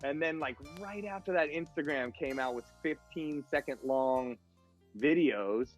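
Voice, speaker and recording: A man, a guest on a podcast, telling stories in a casual, animated way and acting out the voices of other people. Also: on the high side, unhurried, faint music behind. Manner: animated storyteller, acts out voices in quotes. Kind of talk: casual storytelling chat.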